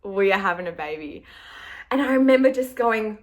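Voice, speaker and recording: A woman's voice: mid-range voice, expressive, normal speed. A young woman vlogging, telling a personal story in a chatty, emotional way with lots of "like". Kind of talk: casual storytelling to camera.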